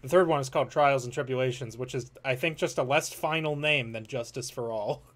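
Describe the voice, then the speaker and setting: A man's voice: mid-range voice, a little fast, fairly bright tone. Laid-back man hosting a game stream. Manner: laid-back, teasing, swears casually. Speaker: host. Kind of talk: casual game-stream chat.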